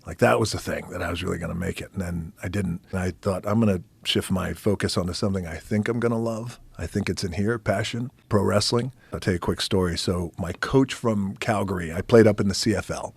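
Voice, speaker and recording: A middle-aged man with a deep, husky, gravel-edged voice tells casual stories as a podcast guest, swearing freely. He sometimes drops into a hushed near-whisper. The sound is close-miked and dry. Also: brisk, hardly any pauses, no room sound. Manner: gravelly, shifts to hushed near-whispers when retelling quiet moments; swears casually, laughs between anecdotes. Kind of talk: casual storytelling.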